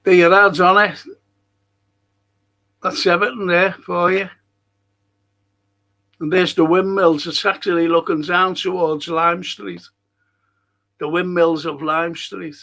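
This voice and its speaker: Scouse male stream host, unhurried chatty delivery, reacts to viewer comments, voice on the higher side. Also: flat delivery, vocal fry, bright, forceful tone. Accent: Liverpool (Scouse). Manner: chatty, reads viewer comments aloud and answers them. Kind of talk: casual live-stream chat.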